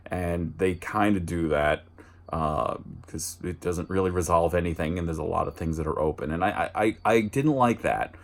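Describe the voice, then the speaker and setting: Chatty man with a lowish voice. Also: normal speed. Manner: rambling and chatty, with frequent restarts and dry asides; jumps higher and louder when mimicking lines. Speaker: movie review host. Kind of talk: casual spoken movie review.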